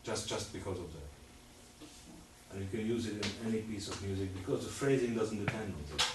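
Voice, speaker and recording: A man's voice: fairly low pitch, brisk, distant mic, very noisy. A man coaching a string quartet in a master class, singing out rhythms and repeating his instructions. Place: rehearsal room with musicians. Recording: roomy, from afar, music playing.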